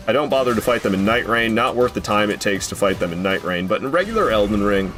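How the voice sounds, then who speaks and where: A man's voice: fairly low pitch, expressive, fast talker, a bit bright, faint music behind. A man streaming a video game, chatting casually and drifting into profane rants between fights. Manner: rambling, swears freely, goes off on rants. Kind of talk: casual gameplay commentary.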